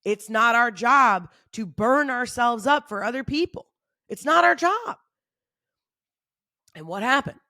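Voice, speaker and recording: A woman's voice: a little high, expressive, measured pace, pauses often, bright, forceful tone, no room sound, studio quality. A woman hosting her own podcast, giving off-the-cuff motivational talk in an emphatic, fired-up way, swearing freely and repeating phrases for emphasis. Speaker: podcast host.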